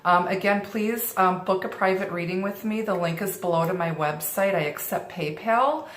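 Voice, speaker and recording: A woman's voice: mid-range voice, normal speed, a little hiss or hum. A middle-aged woman giving a tarot reading in a reassuring way, often repeating and restarting her phrases. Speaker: tarot reader. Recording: roomy echo.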